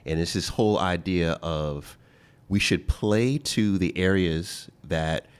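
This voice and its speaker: A man with a low, clean-toned voice hosts an interview podcast. He keeps it playful and casual, laughing often and stretching out the key words he wants to stress.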